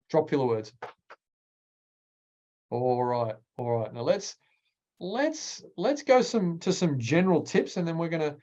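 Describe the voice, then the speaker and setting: A man, a speaking coach presenting a workshop in an energetic, emphatic way with deliberate pauses. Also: highs cut off. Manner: energetic, emphatic, varies pitch widely.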